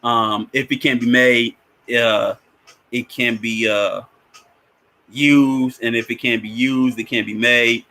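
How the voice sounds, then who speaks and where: A man's voice: mid-range voice, fairly even intonation, slow pace, bright, forceful tone. A man giving casual film commentary as a spiritual teacher, rambling with many restarts and frequent chuckles.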